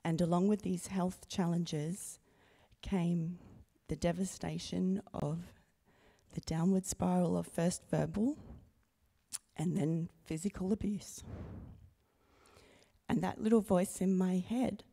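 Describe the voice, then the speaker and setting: A middle-aged woman giving an earnest, quiet personal testimony to a congregation on a handheld microphone in a church. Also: fairly low pitch, fairly even intonation, gravelly, slightly rough. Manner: slow, earnest, quiet and intimate. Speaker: baptism candidate sharing testimony. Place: church sanctuary.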